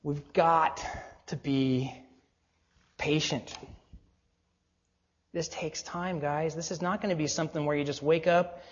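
A male pastor preaching a sermon, earnest and exhorting, often dropping to a low, quiet voice for emphasis. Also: steady tone, moderate pace, pauses often, in a large hall, highs cut off.

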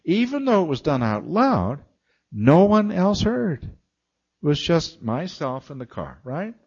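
A man preaching, telling a long personal story with lively, acted-out quotes and frequent laughs. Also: a little high, takes it slowly, husky, dull audio. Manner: animated storytelling, acting out quoted voices. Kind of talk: storytelling sermon.

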